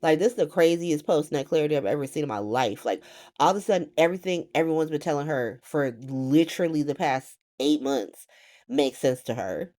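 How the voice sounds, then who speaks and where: A woman recapping a soap opera in a loose, profane monologue, full of swearing and bursts of laughter. Her voice sits a bit low, but she swings through a lively range of pitch. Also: fairly quick. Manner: animated, heavy swearing, laughs often.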